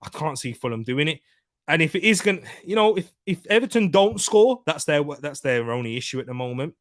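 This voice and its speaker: A man's voice: on the high side, expressive, fairly quick, dry recording, clean studio sound. A man co-hosting a football preview stream, chatting casually with viewers, laughing often and tripping over repeated words. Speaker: football preview show co-host.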